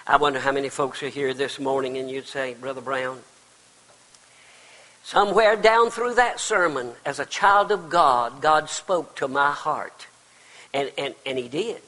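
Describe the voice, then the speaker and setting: An older man preaching a sermon as pastor, swinging between loud cries and hushed, quiet passages. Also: mid-range voice, moderate pace, long pauses. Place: church sanctuary. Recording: long reverb of a large hall.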